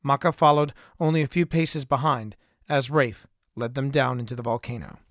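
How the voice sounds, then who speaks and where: A man narrating his own adventure story in an even, measured way, recorded close to a studio mic. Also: mid-range voice, no echo. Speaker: author and narrator. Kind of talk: scripted audiobook narration.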